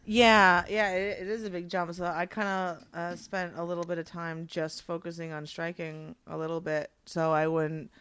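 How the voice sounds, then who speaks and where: A woman fighter being interviewed, giving relaxed, offhand answers while shadowboxing. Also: on the low side, normal speed, few pauses, clean tone, no echo. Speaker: guest, professional fighter. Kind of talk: casual interview chat.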